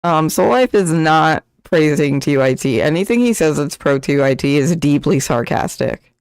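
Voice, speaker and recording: Co-host tossing out sarcastic asides, smooth clear voice, dry. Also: mid-range voice, animated, normal speed, no room sound. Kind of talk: casual chat.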